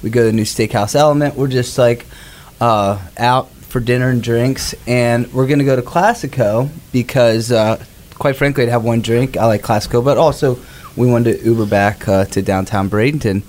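A man's voice: medium pitch, moderate pace, a little mellow. A man with the flu, sucking a cough drop, telling a rambling anecdote on a podcast as a reporter, slipping in quoted asides. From Florida Gulf Coast. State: sick with flu. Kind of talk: casual podcast storytelling.

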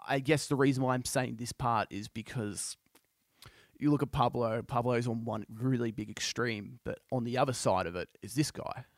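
A man's voice: medium pitch, gravelly, no echo. Guy on a podcast rambling through a story, says like and you know a lot, dry close sound. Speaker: podcast host. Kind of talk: casual storytelling monologue.

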